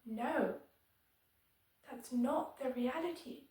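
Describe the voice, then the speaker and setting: A woman speaks firmly and earnestly in a slightly high voice, addressing her viewers directly. The recording is very echoey, with her voice set back from the mic. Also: takes it slowly, dark tone, recorded from a distance. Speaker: disability vlogger. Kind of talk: direct-to-camera advocacy commentary. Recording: very echoey room, voice somewhat off-mic.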